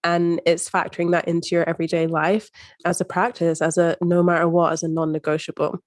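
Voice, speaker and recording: Low-voiced upbeat woman coach. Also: completely flat delivery, fairly quick, no room sound, studio quality. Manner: upbeat, earnest, casually swearing. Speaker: mindset coach guest. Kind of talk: casual podcast conversation.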